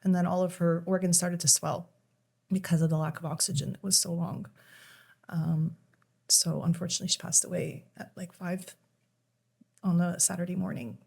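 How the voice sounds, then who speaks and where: A middle-aged woman, a guest on a podcast, speaks in a low, gravelly yet mellow voice. Her delivery is flat and conversational, yet she tells her story haltingly and with deep emotion, stumbling and restarting sentences.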